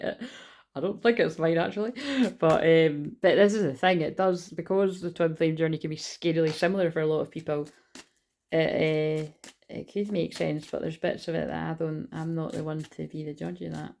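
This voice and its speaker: Young woman doing a tarot reading, low gravelly voice, rambles and swears a lot. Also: a little mellow, slight background noise. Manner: rambling, chatty, swears freely. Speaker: tarot reader. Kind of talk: casual spiritual tarot reading.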